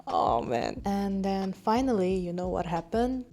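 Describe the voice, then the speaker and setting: Young woman, podcast host, candid storytelling, frequent swearing, mellow tone, faint music underneath. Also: medium pitch, big pitch swings, measured pace. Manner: frank, swears often, laughs at herself.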